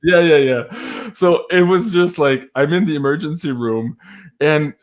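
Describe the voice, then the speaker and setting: A man's voice: on the high side, unhurried. Laughing man telling a story. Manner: animated, laughs often while telling a story. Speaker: guest. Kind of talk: casual storytelling on a livestream.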